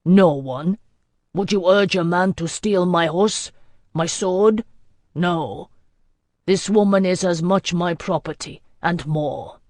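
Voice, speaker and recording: A woman's voice: on the low side, slow pace, a little mellow, no echo, studio quality. A woman reading an audiobook voices a stern male warlord who speaks impassively and formally. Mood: commanding.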